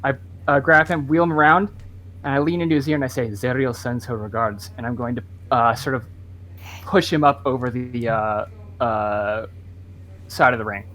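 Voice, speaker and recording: A man playing a tabletop game, describing his character's moves with many pauses and fillers. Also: medium pitch, fairly bright tone. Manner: hesitant, full of fillers. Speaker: player.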